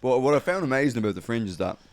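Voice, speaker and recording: A man's voice: mid-range voice, animated, rapid-fire, no room sound. A young man and stand-up comedian telling stories in a loose, sweary podcast chat.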